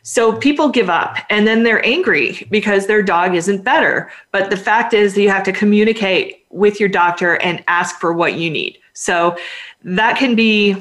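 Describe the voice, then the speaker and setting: A woman's voice: medium pitch, moderate pace, fairly bright tone. A woman veterinarian in a casual podcast chat, talking at length and with emphasis while giving advice to pet owners.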